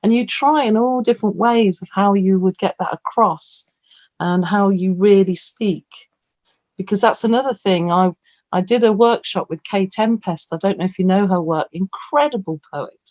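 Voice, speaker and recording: A woman's voice: mid-range voice, moderate pace, no room sound. A woman, a featured poet talking through a Q&A in a chatty, rambling way. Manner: chatty, rambling, animated storyteller. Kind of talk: casual Q&A talk about performing poetry. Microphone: video call. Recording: dull lo-fi video call audio.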